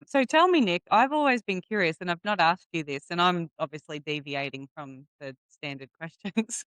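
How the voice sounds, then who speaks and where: A woman's voice: on the low side, animated, moderate pace, fairly bright tone, clear, resonant tone, dry recording. A woman in her forties hosting a casual interview, chatty and encouraging, laughing easily. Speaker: podcast host.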